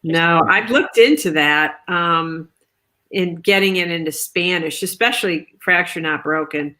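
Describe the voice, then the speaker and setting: A woman author chatting on a video call, telling stories in a lively way and acting out quoted lines. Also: fairly low pitch, measured pace. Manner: chatty, animated storytelling with quoted asides. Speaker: author guest. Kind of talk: casual video chat.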